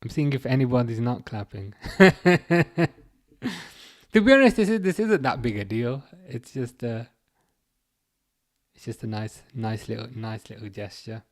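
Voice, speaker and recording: A man talks casually through a live football watchalong stream, reading viewers' messages out and replying. His speech is chatty and halting, with plenty of fillers and false starts, at a middling pitch. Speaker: livestream host reading chat.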